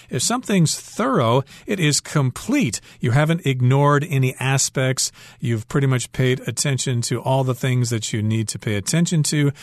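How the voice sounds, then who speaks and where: A man explains English phrases in a calm, patient teaching voice, walking through examples one by one. His voice sits at an ordinary middle pitch. The studio sound is dry and close. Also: dry recording. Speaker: English teacher on a radio lesson. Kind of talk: explaining dialogue and vocabulary.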